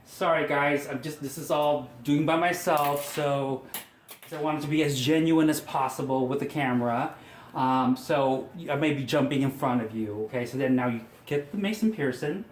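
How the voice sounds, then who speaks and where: A man's voice: medium pitch, normal speed, a little hiss or hum. Chatty male hairstylist coaching a tutorial. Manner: chatty, coaxing, self-mocking asides. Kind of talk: hair styling tutorial. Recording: echoey room with faint ambience.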